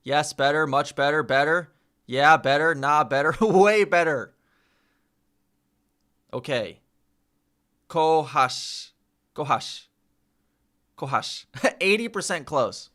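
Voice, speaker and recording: Unhurried and pausing often, a man with a fairly high, slightly bright voice practises pronunciation for his vlog while learning a language. He says words over and over and pokes fun at his own tries in this casual session.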